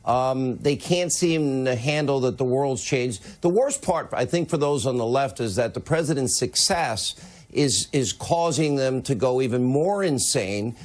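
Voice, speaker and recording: A man hosting a TV news interview, giving brisk and combative commentary. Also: medium pitch, animated. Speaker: TV news host.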